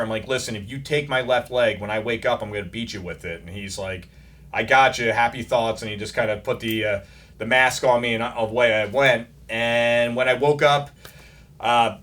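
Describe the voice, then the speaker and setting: A man's voice: medium pitch, fairly bright tone. Plainspoken American veteran man. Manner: plainspoken, quotes people in dialogue, dry humor. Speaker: combat veteran. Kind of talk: interview storytelling.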